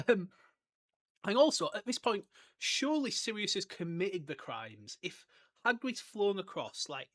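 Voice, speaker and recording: A chatty man hosts a casual book podcast and rambles through his thoughts with plenty of laughs. His voice sits a little high and sounds bright and clear. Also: very animated, a little slow. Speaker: podcast host. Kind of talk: casual book discussion with read-aloud passages.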